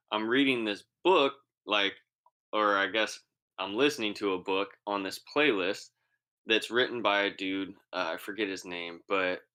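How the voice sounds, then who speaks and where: Laid-back, slangy man with a forceful voice. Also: on the low side, clear, resonant tone. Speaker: podcast co-host. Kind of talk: casual podcast chat.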